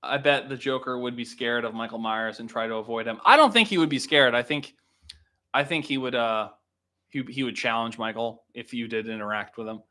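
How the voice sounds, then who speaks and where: A man's voice: medium pitch, fairly quick, bright, forceful tone. A young man hosting a casual livestream, chatting to viewers, laughing often and swearing freely. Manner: laughs often, swears, quotes lines in voices. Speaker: livestream host, filmmaker.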